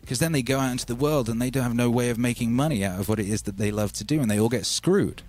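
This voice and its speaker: A man hosting a relaxed livestream, rambling and reading out chat names. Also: mid-range voice, fast. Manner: laid-back, rambling, calls listeners baby. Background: faint music.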